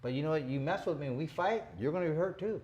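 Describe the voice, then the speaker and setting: A man's voice: on the high side, quick pace, darkish tone, dull audio. A man in his fifties hosting a boxing show, telling stories in a casual, rambling, tough-talking way full of "you know" asides. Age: 50s. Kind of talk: casual storytelling chat.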